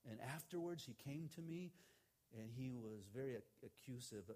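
A middle-aged pastor preaching to his congregation in an easygoing, storytelling way. He retells past conversations and quotes the people in them. His voice sits at an everyday male pitch. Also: animated, moderate pace, warm tone. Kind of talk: sermon storytelling.

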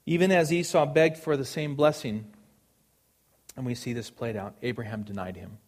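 A man's voice: mid-range voice, steady tone, moderate pace, darkish tone. A man preaching a sermon, earnest and emphatic, repeating phrases for stress.

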